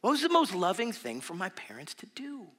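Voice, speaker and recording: A man in his thirties preaching a sermon in a church, telling a story with lively fillers and turning softer and earnest. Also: high-pitched, fairly quick, breathy edge. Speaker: pastor.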